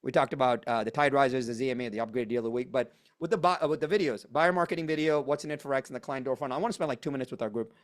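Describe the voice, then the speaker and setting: A man presenting a live online coaching workshop, emphatic and energetic, driving points home with punchy repetition over a video call. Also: mid-range voice, rapid-fire, hardly any pauses.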